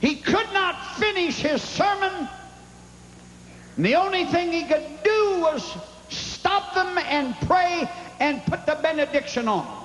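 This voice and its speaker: A man preaching a fiery revival sermon, telling a folksy story and shouting at times, recorded live in a big tent. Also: very high-pitched, expressive, slow pace, slight background noise. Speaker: evangelist preacher. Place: large revival tent with congregation. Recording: tent revival with long echo and crowd.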